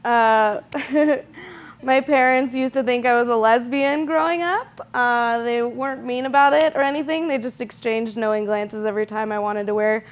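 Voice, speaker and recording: Deadpan young woman doing stand-up. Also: on the high side, normal speed. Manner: self-deprecating, deadpan delivery with frequent laughs and filler ums. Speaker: stand-up comedian. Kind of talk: stand-up comedy set. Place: comedy stage. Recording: dull lo-fi live recording.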